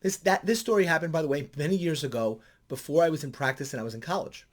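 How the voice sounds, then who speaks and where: This middle-aged man, who works as a counselor, narrates a vlog at a quick pace. He tells his stories animatedly, and his pitch rises sharply whenever he gets excited.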